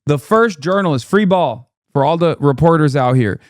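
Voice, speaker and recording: A man's voice: on the high side, lively intonation, normal speed, no room sound. A man giving blunt, profane, exasperated commentary on a live-stream reaction show. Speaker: political commentator.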